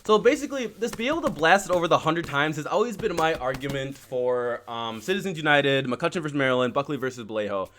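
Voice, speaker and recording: A man's voice: fairly high pitch, lively intonation, fast, few pauses, fairly bright tone, slight background noise. A man hosting a political talk stream, reading passages aloud and then ranting with heated, profane outrage. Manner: heated, profane, growing angrier; reads quoted text aloud, then riffs. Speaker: political podcast host.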